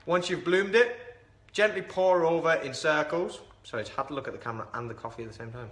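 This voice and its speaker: A chatty man walks through a coffee brew in a casual vlog, rambling and poking fun at himself. His voice is bright and sits a little high for a man. The room around him rings with echo. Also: quick pace. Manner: chatty, rambling, self-deprecating. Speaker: coffee reviewer. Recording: echoey room.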